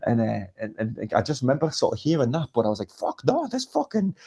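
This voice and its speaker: A man's voice: mid-range voice, rapid-fire, warm tone. A young man casually telling a rowdy anecdote, swearing a lot and acting out quotes. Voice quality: gravelly, husky. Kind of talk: casual storytelling chat.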